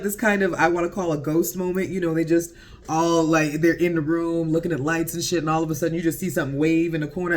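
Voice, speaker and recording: A man giving a casual, profane episode recap, animated and laughing often. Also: a little high. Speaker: TV show reviewer.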